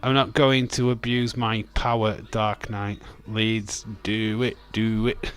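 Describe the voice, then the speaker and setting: Slow and smooth, this young man's lowish voice carries a slightly bright quality and little pitch movement. He's a streamer running a wrestling watch-along, giving rambling, chatty live commentary full of swearing and laughter while reading the chat out loud.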